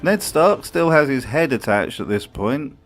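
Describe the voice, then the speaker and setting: A man's voice: mid-range voice, lively intonation, a little slow, soft background music. A man narrating a comedic video essay with a wry, mocking tone and dry asides. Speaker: video commentator.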